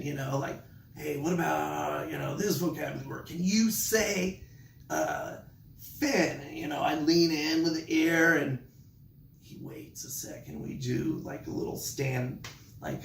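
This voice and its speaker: A man who teaches online, telling a story in a casual vlog with animated delivery. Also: a little high, vocal fry, roomy sound, distant mic, slight background noise. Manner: animated, acts out his classroom voice.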